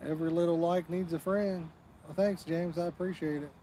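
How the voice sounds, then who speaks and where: A man's voice: fairly high pitch, steady tone, fairly quick, dark tone, a little hiss or hum, low-quality recording. A man hosting a live fishing stream outdoors, chatting casually and talking straight to the viewers in the chat. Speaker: fishing channel host.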